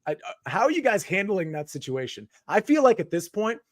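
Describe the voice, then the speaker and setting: A man's voice: high voice, very animated, brisk, no room sound, clean studio sound. A man hosting a casual live sports chat, rambling with many filler words and restarts. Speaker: podcast host.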